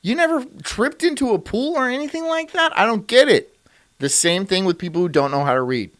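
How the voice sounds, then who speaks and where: A man's voice: high-pitched, animated, brisk, a bit bright. A man hosting a stream, ranting in profane, incredulous commentary and laughing often. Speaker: streamer host.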